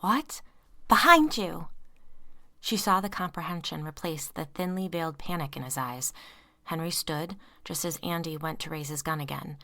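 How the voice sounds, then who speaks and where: A woman narrating a story aloud, reading tense dialogue in hushed whispers. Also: low voice, steady tone, moderate pace. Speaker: audiobook narrator. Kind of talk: scripted narration.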